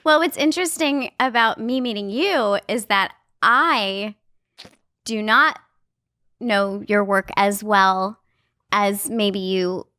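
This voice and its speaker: A woman in her thirties from Canada, a guest on a podcast, chatting in a playful and animated way. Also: mid-range voice, takes it slowly, no room sound, clean studio sound. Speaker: guest, actress and voice actor. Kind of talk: casual podcast chat.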